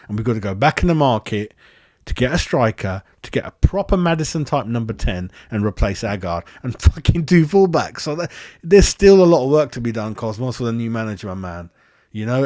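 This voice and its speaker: A man talking football like a fired-up fan, swearing freely and saying it the way he sees it. His voice sits at an ordinary middle pitch and comes through a dry, close handheld mic with no room sound. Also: dry recording. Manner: excitable, sweary and blunt. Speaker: fan channel host. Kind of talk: football match review chat. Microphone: handheld microphone.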